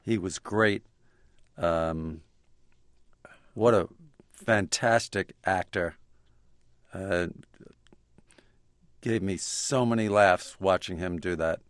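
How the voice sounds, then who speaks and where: A man's voice: low-pitched, slow pace, long pauses, smooth, no room sound, clean studio sound. An older man, a guest comedy writer and actor, telling wry interview anecdotes with chuckles and acted-out quotes. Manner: wry, chuckling storyteller who acts out the quotes.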